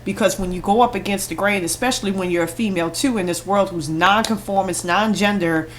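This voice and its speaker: A woman talks straight to camera in a heated vlog rant. She is blunt, confrontational and swears constantly. Her voice sits at an ordinary middle pitch, with faint noise behind her. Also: fairly quick. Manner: blunt, heavily profane, confrontational. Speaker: vlogger responding to critics. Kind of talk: angry direct-to-camera rant.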